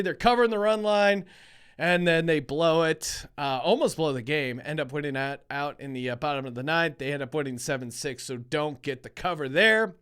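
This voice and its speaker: Chatty high-voiced podcast host man. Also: fairly bright tone, smooth. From Philadelphia, USA. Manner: chatty, joking, full of restarts. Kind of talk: casual sports-betting podcast chat.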